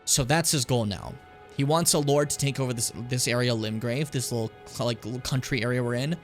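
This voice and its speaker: A man's voice: mid-range voice, brisk, faint music behind. A man streaming a video game, giving casual commentary, chatty and joking, swearing freely and talking to his viewers.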